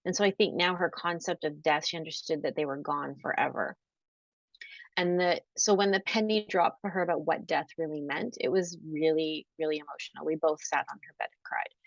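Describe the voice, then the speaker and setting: A woman guest telling a personal story in an interview, earnest and emotional, going soft at the sad parts. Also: deep voice, fairly even intonation, a little fast, creaky, no echo. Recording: dull, dry, lo-fi audio.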